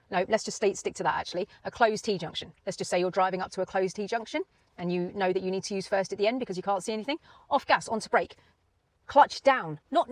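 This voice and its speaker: A woman, a driving instructor explaining in a chatty, animated way, often checking in with "right?" and "yeah?". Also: medium pitch, no room sound, low-quality recording. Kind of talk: explanatory teaching talk.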